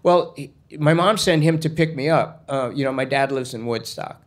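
A man's voice: mid-range voice, moderate pace, natural voice. A man voicing a chatty, guileless young boy in a storytelling monologue, rambling and earnest. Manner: rambling, earnest, full of asides.

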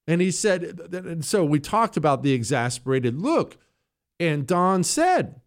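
A man's voice: medium pitch, big pitch swings, unhurried. A middle-aged man hosting a talk radio show, speaking in a cocky, joking, conversational way with frequent restarts. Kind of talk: casual monologue.

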